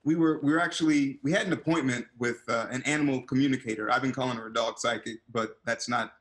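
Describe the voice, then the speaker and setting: Animated man telling stories in his forties. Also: medium pitch, quick pace, low-quality recording. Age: 40s. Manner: animated storyteller, loud excited quotes. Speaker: actor, interview guest. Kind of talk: casual video-call interview. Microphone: video call.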